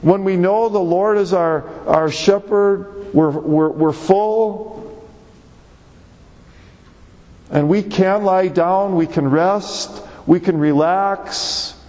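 A man's voice: high voice, takes it slowly, hardly any pauses, darkish tone. A male pastor preaching a conversational, emphatic sermon to his church, repeating words as he presses his points. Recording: long reverb of a large hall.

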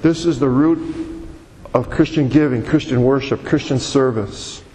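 A man's voice: mid-range voice, measured pace, a little mellow. Emphatic preacher man in a reverberant hall. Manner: emphatic, repetitive preaching cadence. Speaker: pastor. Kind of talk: sermon.

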